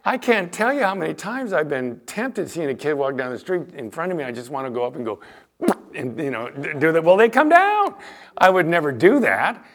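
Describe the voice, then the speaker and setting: A middle-aged man preaching a sermon as pastor, telling stories with lively acted-out quotes. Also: a little high, fairly quick. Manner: animated storytelling with acted-out quotes.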